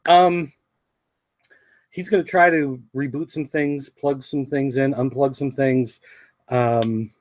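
A man's voice: medium pitch, no room sound. Rambling man in a small booth. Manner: rambling, with many fillers and restarts. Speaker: podcast producer. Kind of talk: casual livestream chat.

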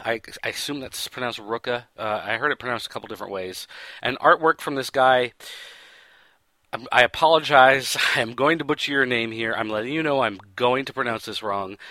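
A man's voice: medium pitch, pushed and bright, no room sound. A man hosting a pop-culture show, giving a casual, rambling recap full of fillers and self-corrections. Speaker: podcast host.

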